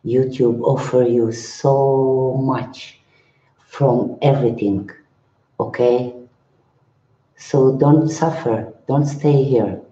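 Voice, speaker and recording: An older man, a monk, answering viewers in a live-stream chat in broken English, halting and repeating his words. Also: mid-range voice, steady tone, dark tone. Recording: roomy, slightly dull sound.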